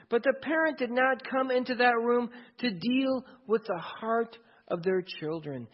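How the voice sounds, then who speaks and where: High, husky-voiced male preacher. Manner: earnest, second-person storytelling. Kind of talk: sermon. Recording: dull lo-fi recording.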